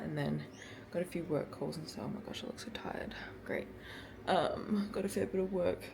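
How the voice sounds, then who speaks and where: Chatty Australian woman with gravelly fry. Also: lowish voice, background noise. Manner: chatty, rambling with many ums. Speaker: vlogger. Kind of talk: casual vlog chat. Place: in her car.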